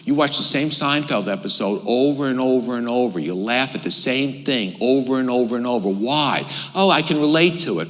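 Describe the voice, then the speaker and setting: A middle-aged man giving a workshop lecture, animated, firing off rhetorical questions and personal anecdotes. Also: medium pitch. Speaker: workshop presenter. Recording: reverberant hall.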